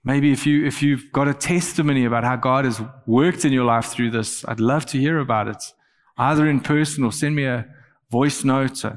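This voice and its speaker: A man's voice: mid-range voice, moderate pace. Earnest male preacher with long reverb. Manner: earnest, animated when quoting scripture. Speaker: pastor. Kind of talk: sermon.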